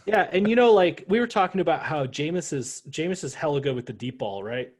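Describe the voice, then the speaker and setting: Animated man ranting about sports. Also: a little high, a little fast. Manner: animated, profane, joking rants. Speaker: podcast co-host. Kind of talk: casual sports chat.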